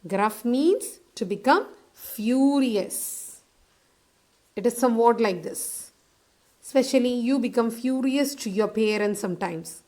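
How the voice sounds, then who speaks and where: A woman teacher explaining a story to a class, asking questions and answering them herself, repeating key words slowly. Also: on the high side, a little mellow. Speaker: English teacher.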